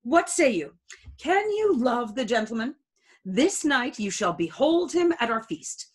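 A woman reading the part of a stiff, proper noblewoman mother in a casual play reading, in a measured, even delivery. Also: on the high side, husky, heavily acted. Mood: persuasive. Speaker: reader.

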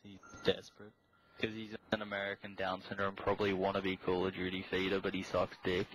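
A man's voice: low voice, monotone, a little fast, fairly bright tone. A man hurling crude, scornful insults at other players in online game voice chat. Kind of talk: trash-talking game voice chat. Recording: very noisy game chat line.

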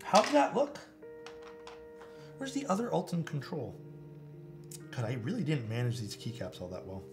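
A man's voice: medium pitch, huge pitch swings, a little fast, over music. A man building a keyboard live on stream, chatting casually, thinking aloud and answering his chat.

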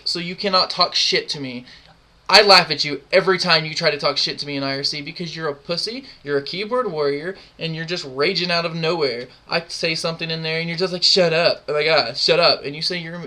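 A man's voice: fairly high pitch, a little fast, pushed and bright. A man in his twenties delivering a profane, defiant and mocking rant to camera. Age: 20s. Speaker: gaming clan member. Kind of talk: ranting video monologue.

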